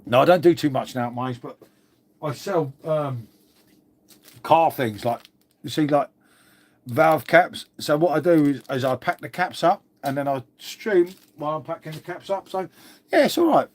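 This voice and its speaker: A man's voice: on the high side, animated, moderate pace. A middle-aged man from England hosting a casual live stream, rambling on, swearing freely and calling everyone mate.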